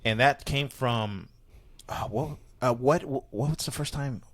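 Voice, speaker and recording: Bright-voiced comedian telling stories. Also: male voice, medium pitch, a little slow. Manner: rambling, animated storytelling with many restarts. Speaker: comedian guest. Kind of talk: casual podcast chat.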